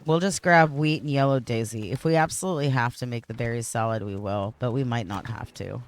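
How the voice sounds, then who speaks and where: A man's voice: mid-range voice, brisk, slight background noise. A man casually chatting and rambling while he plays a game on a livestream, often correcting himself mid-sentence. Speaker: streamer. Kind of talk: casual gameplay livestream chat.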